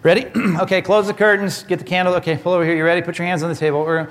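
A man voicing a shady, money-minded fortune-teller woman with brisk, offhand patter. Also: high-pitched, flat delivery, lightly acted. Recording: echoey hall.

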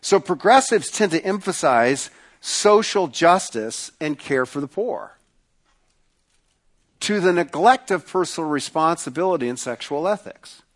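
A male pastor preaching a sermon, emphatic, repeating phrases and slowing down to stress points. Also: a little high, animated.

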